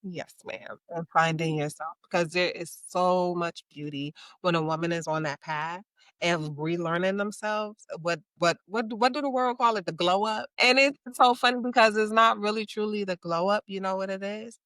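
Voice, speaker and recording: Bright, expressive woman hosting a chat. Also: fairly low pitch, moderate pace, no echo. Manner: warm, encouraging, expressive storyteller. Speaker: podcast host. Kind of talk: casual chat.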